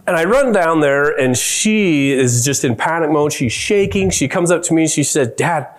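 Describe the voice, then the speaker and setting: A middle-aged man giving a conference keynote, telling family stories with lively quoted voices. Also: a little high, normal speed. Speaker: keynote speaker. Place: conference hall.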